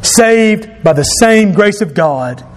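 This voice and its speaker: A pastor preaching a sermon to his congregation, emphatic and rising to shouts at his key points. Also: high voice, expressive, takes it slowly. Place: church sanctuary. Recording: long reverb of a church hall.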